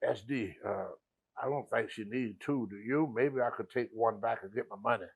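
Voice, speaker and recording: A man's voice: on the low side, normal speed, gravelly, slightly rough, pitched below the performer's own voice, low-quality recording. A man imitating a thrifty older wrestler who talks in a matter-of-fact, scolding way. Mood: hushed.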